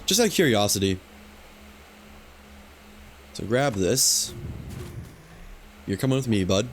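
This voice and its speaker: There's a little hiss or hum behind this fairly low-pitched man, who speaks slowly while streaming a video game. He keeps up relaxed, muttered, think-aloud commentary on what he's doing on screen.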